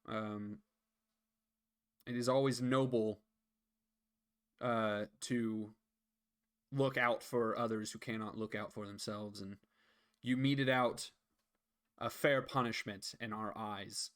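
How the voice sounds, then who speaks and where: A man voicing a formal male city guard captain who speaks in a measured, earnest way in a tabletop game. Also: on the low side, fairly bright tone.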